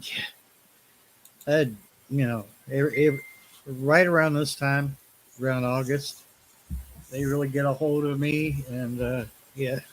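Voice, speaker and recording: A man in casual chat, speaking haltingly and hesitantly. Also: mid-range voice, fairly even intonation, slight background noise, rough recording.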